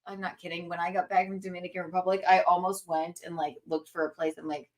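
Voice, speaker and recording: A woman's voice: fairly low pitch, little pitch movement, fast talker, a little mellow. Playful woman telling stories in casual chat. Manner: playful storyteller, riffs on jokes. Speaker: guest comedian. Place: hotel room.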